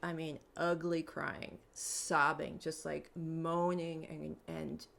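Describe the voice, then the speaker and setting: A woman guest on a podcast telling a personal story in a casual, animated way, acting out quoted dialogue and using plenty of filler words. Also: sits low, takes it slowly, vocal fry. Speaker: podcast guest, mentor and hypnotherapist.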